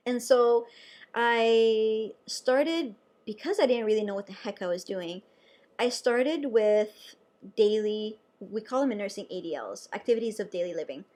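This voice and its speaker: A young adult woman, a nurse, telling a personal story to camera in a chatty, animated way with lots of fillers. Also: on the high side, unhurried.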